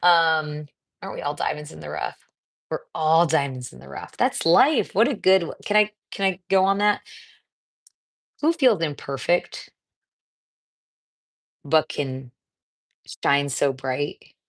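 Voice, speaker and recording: A woman's voice: sits low, animated, measured pace, vocal fry, pauses often. A middle-aged American woman hosting a livestream as a cancer coach, reading viewer comments and talking in a chatty, encouraging way with lots of fillers. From United States.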